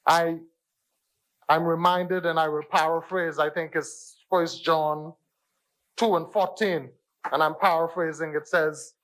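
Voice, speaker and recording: A man's voice: a little high, a little slow, fairly bright tone, rough recording. A man with a Bahamian accent giving an emphatic parliamentary debate speech in a parliament chamber, repeating phrases for stress. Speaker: member of parliament.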